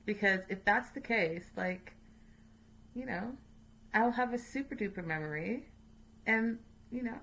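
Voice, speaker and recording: A woman hosts a casual recap, talking straight to her viewers in a chatty, opinionated way. Her voice is bright and lively, and she often breaks into laughter. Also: medium pitch, measured pace, vocal fry, long pauses. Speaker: host.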